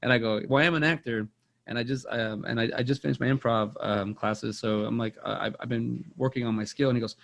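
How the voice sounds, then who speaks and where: A man's voice: mid-range voice, steady tone, quick pace, creaky, fairly bright tone. A young man, rambling through a casual movie chat on a podcast and repeating words as he tells stories. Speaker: podcast co-host.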